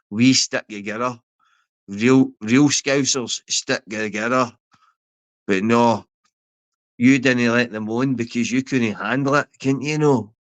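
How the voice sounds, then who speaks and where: A Glasgow man in a confrontational livestream rant taunts and swears at a rival in a Glaswegian accent. His voice is medium-pitched and fairly bright, with no room sound.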